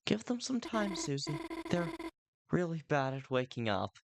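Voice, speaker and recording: A man voicing a gentle young friend in a video game, speaking softly and soothingly, well above his own pitch. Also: sing-song, a little slow, creaky, very noisy, exaggerated voice.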